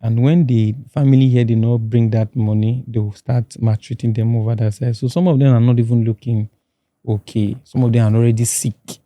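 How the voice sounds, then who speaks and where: A man from Nigeria with a Nigerian accent, telling his own story as a podcast guest in a halting way, often repeating words. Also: medium pitch, flat delivery, mellow, no echo. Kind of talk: personal testimony in a podcast interview. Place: podcast studio.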